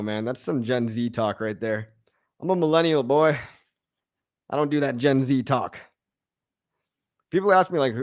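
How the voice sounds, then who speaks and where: A man's voice: mid-range voice, dry recording, clean studio sound. Laid-back, slangy male crypto host. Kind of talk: casual livestream Q&A.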